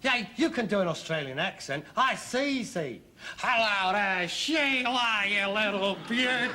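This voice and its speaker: A restless middle-aged son, mocking, lively pitch, old television audio, background noise. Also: male voice. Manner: mocking, mimicking an Australian accent.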